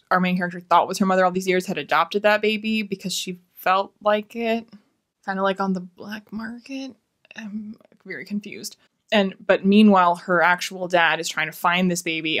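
Exasperated woman ranting about a book. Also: on the low side. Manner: exasperated, rambling, swears freely. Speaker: book reviewer. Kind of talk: casual book review rant.

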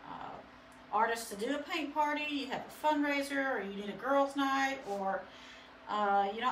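A painting instructor and studio owner with a mid-range, fairly bright voice talks casually through a live painting demo, rambling with many fillers. There's slight background noise and a roomy echo.

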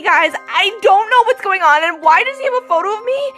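A young woman vlogging a dramatic skit at home at night, talking excitably with lots of filler words. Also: extremely high pitch, brisk, few pauses, soft background music. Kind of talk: scripted skit vlog.

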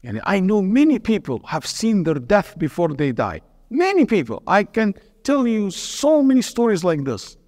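A man's voice: sits high, sing-song, normal speed, few pauses, a little mellow, big-room sound. A man, a sheikh, teaching a religious lesson, earnest and storytelling, putting questions to his audience and answering them.

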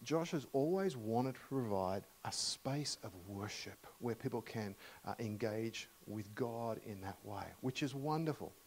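A man's voice: mid-range voice, expressive, unhurried, few pauses, slight background noise, rough recording. Australian man preaching with playful stories. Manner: warm, humorous storytelling with many fillers and restarts. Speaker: guest preacher. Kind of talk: storytelling sermon. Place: church.

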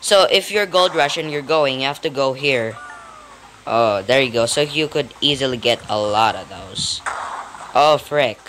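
Excitable, lively-pitched game commentator. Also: measured pace, a little hiss or hum. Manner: excitable, frequent startled exclamations; rambling, with frequent restarts and giggles. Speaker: gameplay commentator. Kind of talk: casual gameplay commentary.

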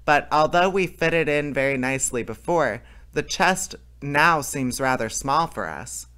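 A man's voice: fairly high pitch, a little slow, sharp tone, clear, resonant tone. A man reading aloud and voicing a polite, anxious male robber.

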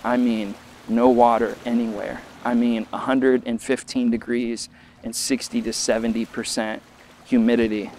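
A man preaches a sermon in an easy, conversational way, doubling back on words now and then and lifting his voice to act out quotes. His pitch sits in a medium range for a man. A faint hiss of noise runs underneath. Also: a little mellow. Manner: conversational preaching with restarts, rising when quoting. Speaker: pastor.

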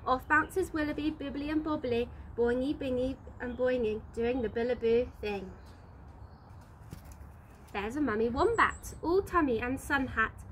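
A woman teacher reading a picture book aloud outdoors, bouncy and expressive with the rhymes. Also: high-pitched, unhurried, slight background noise, rough recording. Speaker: infant school teacher. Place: outdoors in the sunshine.

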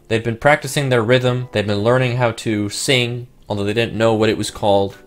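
Wry man narrating a comic story. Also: medium pitch. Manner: wry, joking asides.

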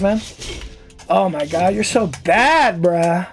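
A man's voice: sits high, animated, takes it slowly, soft background music. A man giving casual, profane gameplay commentary as a streamer, trash-talking and easily annoyed. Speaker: gaming streamer.

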